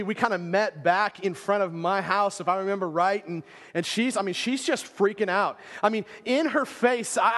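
A man's voice: high-pitched, fairly bright tone. A man in his thirties preaching a sermon, telling a story in a casual, rambling way full of filler words. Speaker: pastor. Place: church sanctuary. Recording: long church hall reverb.

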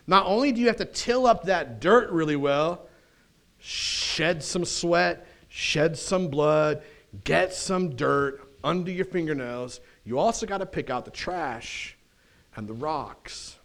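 A man preaching a sermon as pastor in a church, in a folksy, animated way with casual slang and quick asides. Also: fairly high pitch.

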